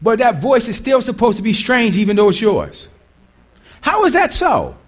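High, animated male preacher questioning listeners. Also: normal speed, breathy edge. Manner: conversational, quizzes the congregation, repeats himself. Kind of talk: sermon.

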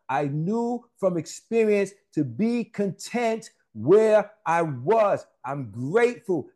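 A man with a notably high voice delivers a sermon. He builds fervor by repeating words again and again, then turns to chat casually with the people in the pews. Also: a little mellow. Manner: emphatic, repetitive, rising into fervent repetition; conversational asides to the congregation. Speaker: preacher.

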